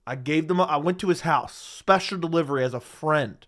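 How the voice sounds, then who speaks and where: A man's voice: on the high side, brisk, a bit bright. A man hosting an MMA livestream, ranting in a heated, profane, emphatic way into a studio mic. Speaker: MMA commentary host. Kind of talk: livestream rant. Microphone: studio dynamic mic.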